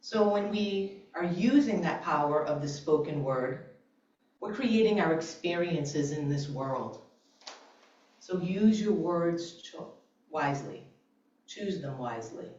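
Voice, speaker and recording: Animated woman speaking in an echoey church. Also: deep voice, slow pace. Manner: animated, laughs often, conversational. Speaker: guest speaker at a church service. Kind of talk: inspirational talk to a congregation. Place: church sanctuary. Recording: very echoey, distant, dull church recording.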